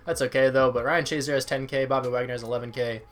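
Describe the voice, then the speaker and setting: A man's voice: medium pitch, steady tone, fast, fairly bright tone. Easygoing young man chatting over gameplay. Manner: rambling, easygoing, chatty with viewers. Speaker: gaming YouTuber. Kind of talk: casual let's-play commentary.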